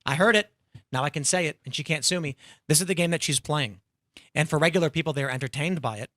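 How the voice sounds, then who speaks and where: Male panel host, sarcastic and animated, slightly higher pitch, bright forceful tone, dry close mic. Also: fast, dry recording. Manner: animated, sarcastic, acts out quotes. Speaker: podcast host. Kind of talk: opinionated panel talk show.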